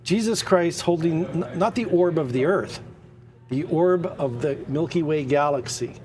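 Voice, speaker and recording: A man hosting a live-streamed art auction, excitable and prone to rambling tangents. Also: a little high, a little slow, faint music behind. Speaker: auction host.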